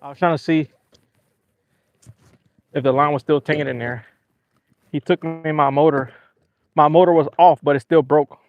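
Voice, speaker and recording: A man, hosting a fishing livestream from a small boat and talking casually and excitedly to his viewers. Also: fairly high pitch, moderate pace, long pauses, dull audio. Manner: excitable, venting, apologetic. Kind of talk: casual live-stream talk to viewers. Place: small boat on open water.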